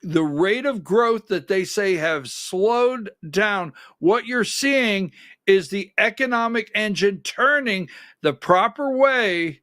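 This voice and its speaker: Brief: male talk-show host, high voice, unhurried, sarcastic and emphatic, dry close sound. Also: sharp tone, dry recording. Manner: sarcastic, emphatic, directs a producer. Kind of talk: conservative political commentary.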